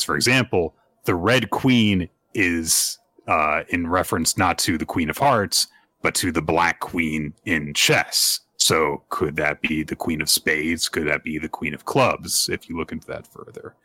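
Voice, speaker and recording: A man with a low voice talks through a story recap on a casual podcast. His tone is bright, and the sound is dry and close. He rambles from point to point and laughs in between. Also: no room sound. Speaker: podcast host.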